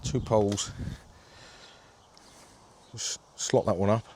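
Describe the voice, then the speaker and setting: A man's voice: on the low side, steady tone, slow, mellow, a little hiss or hum. A man casually talking through setting up a fishing shelter outdoors in his garden, narrating each step while holding his camera one-handed. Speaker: angling vlogger demonstrating gear. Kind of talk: casual demo talk to camera. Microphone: handheld video camera.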